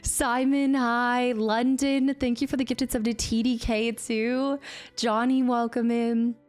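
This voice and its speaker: A young woman streamer chatting casually with her viewers, bubbly and quick to laugh. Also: fairly high pitch, flat delivery, darkish tone. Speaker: variety streamer. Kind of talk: casual live-stream chat.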